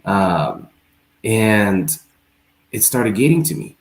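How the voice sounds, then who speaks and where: A man's voice: fairly low pitch, big pitch swings, slow pace, gravelly. Man, show host, earnest, reflective, casual discussion, roomy echo.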